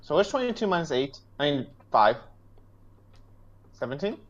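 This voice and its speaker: A man playing in an online tabletop game, chatting in a playful, excitable way. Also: fairly high pitch, normal speed, lo-fi sound. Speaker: player. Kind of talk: casual game chat.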